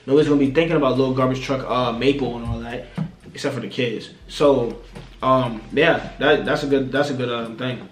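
A man's voice: mid-range voice, steady tone, fairly quick, echoey room, background noise. A young adult man hosting a casual music reaction, chatty and playful, rambling with fillers.

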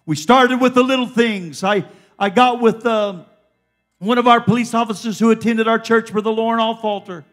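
Soft music plays behind a woman whose slightly high voice moves at a moderate pace. She's delivering a fervent Pentecostal sermon in church, urging the congregation on with repeated cries of "come on."

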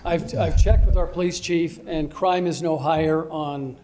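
A man arguing a point during public comment at a city council meeting, halting, with restarts and trailing sentences. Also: on the high side, fairly even intonation, background noise. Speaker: resident speaking at public comment.

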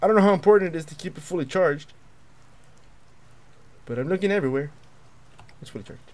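A young man commentating a horror game as he plays, jumpy and excitable, yelping and taunting the monster. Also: fairly high pitch, fast. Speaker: gaming video creator.

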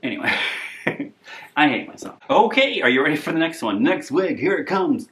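A man's voice: on the high side, big pitch swings, normal speed, fairly bright tone, faint music behind. A young man vlogging in a chatty, rambling, self-deprecating way. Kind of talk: casual rambling vlog.

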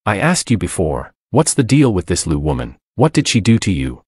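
A man's voice: sits low, huge pitch swings, moderate pace, darkish tone, breathy edge, dry recording, clean studio sound, heavily acted. A man reading a blunt, fierce young woman. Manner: blunt and protective.

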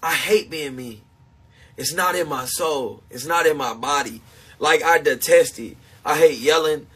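A man livestreaming to his supporters, talking in a confessional, self-mocking way and swinging between shouting and hushed talk. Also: a little high, a little slow, slightly rough. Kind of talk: emotional livestream monologue.

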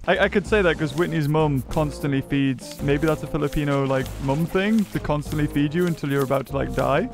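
A British man chatting casually while playing a game with a friend, excitable and playful, laughing often. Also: a little high, a little fast, creaky, hardly any pauses, soft background music. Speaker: gaming YouTuber. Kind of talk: casual let's-play chat.

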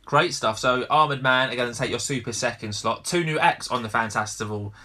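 A man hosting a podcast, briskly steering each segment along in a friendly chat. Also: medium pitch, sharp tone. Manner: brisk, steers the running order. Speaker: podcast host. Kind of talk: casual chat.

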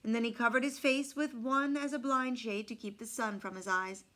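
A woman reading a folk tale aloud from a picture book, expressive, dropping to hushed asides about the illustrations. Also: fairly high pitch, moderate pace. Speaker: storyteller.

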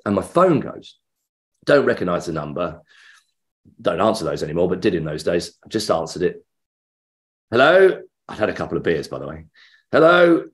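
A middle-aged actor, appearing as an interview guest, spins lively anecdotes and acts out the voices of the people in them. His male voice is low-pitched and brisk.

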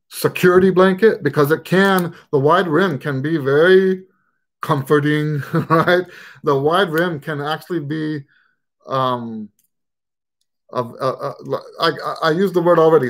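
Slow-talking man hosting a trumpet Q and A. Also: on the high side. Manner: thinking aloud, halting with fillers and restarts. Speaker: trumpet teacher hosting a live Q and A. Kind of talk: casual live-stream talk.

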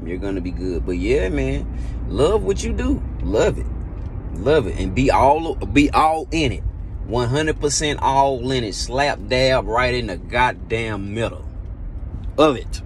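A man's voice: medium pitch, animated, takes it slowly, slight background noise. A man, a musician, giving a blunt, heavily profane motivational talk, hammering points home by repeating them. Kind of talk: casual motivational monologue.

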